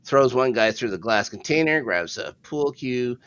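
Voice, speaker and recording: A man's voice: medium pitch, lively intonation, normal speed, fairly bright tone, smooth, dull audio. A man co-hosting a podcast, casually recapping a TV episode in a laid-back, rambling way with a chuckle now and then. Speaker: podcast co-host.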